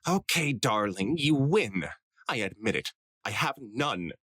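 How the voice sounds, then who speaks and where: A man's voice: medium pitch, sing-song, measured pace, bright, forceful tone, voice pushed up, exaggerated voice. A man voicing a snobbish, wealthy middle-aged mare pony in a dramatic fanfiction reading, in a haughty, affected way. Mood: sulky.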